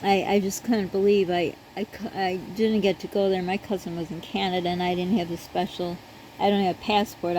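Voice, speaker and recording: A woman's voice: mid-range voice, warm tone, low-quality recording. A middle-aged woman talks to her viewers in a casual personal vlog. Her speech is earnest and rambling, and she often halts and restarts. A faint hum of background noise sits under her voice. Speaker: vlogger. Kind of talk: casual personal talk to camera.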